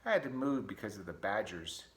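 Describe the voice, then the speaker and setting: A man voicing a messy, fussy male pack rat in a storybook reading, loud, excitable and whiny. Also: on the low side, brisk. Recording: echoey room.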